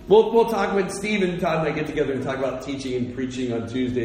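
A man preaching a sermon, animated and playful, speaking directly to his listeners. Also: mid-range voice, quick pace, hardly any pauses. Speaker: pastor. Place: church hall. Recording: echoey hall with faint room noise.

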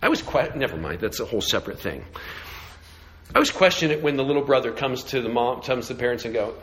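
A middle-aged man preaching a sermon, moving between slow, emphatic lines and quick asides, and acting out characters in hushed voices. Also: medium pitch, sing-song, low-quality recording. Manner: acts out voices of the brothers in hushed tones. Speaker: pastor.

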